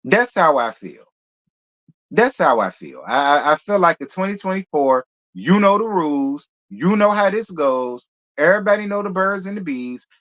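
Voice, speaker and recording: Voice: medium pitch, big pitch swings, moderate pace, a bit bright, dull audio. A gossip show host giving casual, blunt and rambling commentary on the news.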